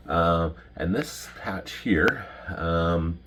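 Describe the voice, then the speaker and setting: A middle-aged Canadian man with a Canadian accent, telling casual stories about his flying days and pausing often with ums and restarts. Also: low voice, fairly bright tone, slight background noise. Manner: rambling, many ums and restarts. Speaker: retired pilot showing his patches. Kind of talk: casual storytelling to camera.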